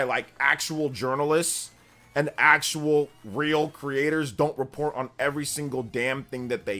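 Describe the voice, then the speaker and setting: A man's voice: mid-range voice, fairly bright tone. A man in his forties hosting a gaming livestream, chatting casually in a blunt, rambling way that repeats itself.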